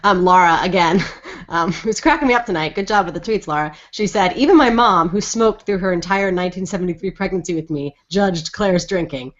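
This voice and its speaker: A woman with a somewhat low voice co-hosts a podcast and chats in a giggly way. She comes through a video call with dull, lo-fi sound. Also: brisk. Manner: giggly, chatty. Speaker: podcast co-host. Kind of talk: casual chat.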